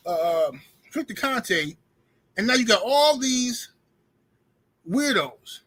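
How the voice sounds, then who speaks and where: Slangy, ranting man with a bright, husky voice. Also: high-pitched. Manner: loose slangy rant, greets viewers. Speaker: livestream host. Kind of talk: casual livestream commentary. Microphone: streaming setup mic.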